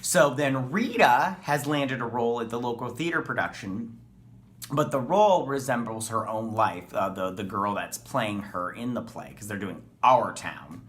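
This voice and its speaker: A man's voice: medium pitch, expressive, normal speed, fairly bright tone. A man hosting a casual TV episode review, talking in a rambling, enthusiastic way with many ums and uhs. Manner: rambling, filler-heavy, enthusiastic. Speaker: TV show reviewer.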